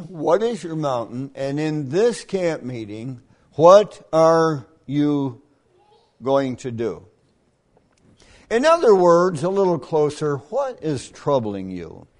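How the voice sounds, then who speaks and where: An older man preaching a camp meeting sermon in a folksy storytelling manner, often clearing his throat. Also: on the high side, big pitch swings, slow.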